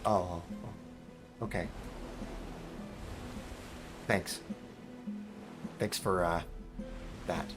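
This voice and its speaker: A young man streaming a game, telling a story in a casual, swearing, animated way and squeaking out high alarm noises. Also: extremely slow, long pauses, over music. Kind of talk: casual storytelling while gaming.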